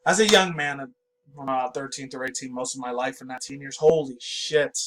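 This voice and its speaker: A man in his twenties reads an article aloud, stumbling over words and breaking off into excitable, profane commentary. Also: mid-range voice, normal speed, a little hiss or hum, low-quality recording. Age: 20s. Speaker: pop culture vlogger.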